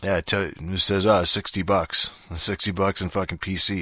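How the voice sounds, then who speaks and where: Low, bright-toned swearing gamer man. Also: fairly even intonation, moderate pace, few pauses, no room sound, clean studio sound. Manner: profane, rambling, frustrated, heavy swearing and fillers. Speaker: gamer venting about a game release. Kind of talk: casual rant to camera.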